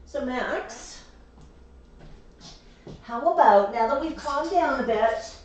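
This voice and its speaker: During a live stream, a woman talks casually to her pet parrots in a coaxing, sing-song way, in an indoor room with the birds. Her high voice is expressive, slow and a little mellow. The room is echoey, her voice comes from far off the mic, and there is faint hiss.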